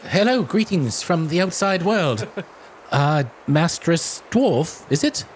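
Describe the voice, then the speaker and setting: A man's voice: on the high side, very animated, slow, slight background noise. A man playing a tabletop game, speaking politely and a bit hesitantly in character. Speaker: player. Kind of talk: in-character role-play.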